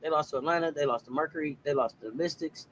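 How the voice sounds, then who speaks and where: A man's voice: a little high, quick pace, fairly bright tone, a little hiss or hum, rough recording. A man co-hosting a casual sports talk show, joking and stammering over his words. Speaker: sports podcast co-host.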